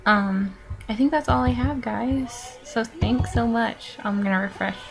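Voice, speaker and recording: A woman's voice: fairly high pitch, measured pace, gravelly, soft background music. A nineteen-year-old woman casually rambling through follower questions in a vlog, with lots of fillers, sighs and little laughs. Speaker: vlogger answering follower questions.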